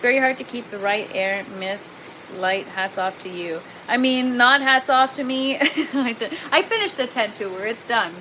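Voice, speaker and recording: Bright-voiced chatty woman streamer. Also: on the high side, unhurried, a little hiss or hum, poor audio. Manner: chatty, laughs often, reads viewer comments aloud. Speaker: livestream host. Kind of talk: casual livestream chat. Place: indoor grow tent.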